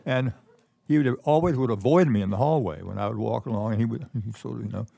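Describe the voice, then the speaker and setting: A man's voice: mid-range voice, fast talker, creaky, warm tone. An older man telling stories as a conference keynote guest, rambling with many restarts. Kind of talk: conversational storytelling. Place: conference stage.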